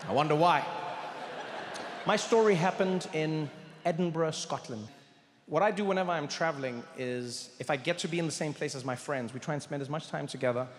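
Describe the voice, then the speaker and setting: A male comedian from South Africa tells a story on stage in a fairly high voice, playful and animated. The sound rings in a big, echoey hall with a long reverb tail and a faint murmur of the room behind him. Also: slight background noise. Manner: animated, playful, drawn-out punchlines. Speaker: stand-up comedian. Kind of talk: stand-up storytelling.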